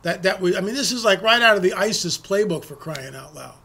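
A man's voice: high voice, lively intonation, a little fast, creaky, pushed and bright, husky. A middle-aged man hosting an opinionated political monologue, talking emphatically and repeating words as he presses his points. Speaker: political commentary host.

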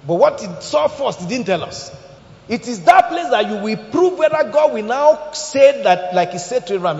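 A man preaching a sermon in an animated way, shouting out quotes and laughing along with the room. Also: very high-pitched, fairly quick. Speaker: pastor. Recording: echoey hall, dull lo-fi sound.

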